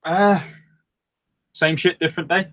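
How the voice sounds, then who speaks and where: A man from England calling into a live show, speaking bluntly with hesitant pauses. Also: high-pitched, steady tone, fairly bright tone, no echo. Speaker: caller. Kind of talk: call-in conversation. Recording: dull call-in line.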